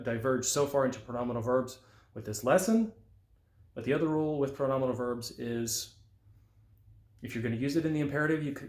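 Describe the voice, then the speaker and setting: A man giving a patient language lesson, slowing down to sound out example phrases. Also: medium pitch, a little mellow. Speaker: Italian language teacher. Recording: roomy echo.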